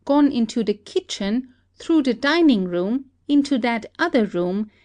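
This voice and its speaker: A woman as a calm, shrewd country detective. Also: on the high side. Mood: calm accusation. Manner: steady, deliberate accusing. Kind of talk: amateur audiobook play reading.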